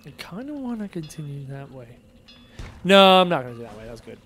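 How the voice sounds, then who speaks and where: A man's voice: a little high, sing-song, brisk, a bit bright, soft background music. A man streaming a game live, chatting and muttering to himself as he plays and reads chat aloud. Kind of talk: live gameplay commentary, reading chat aloud.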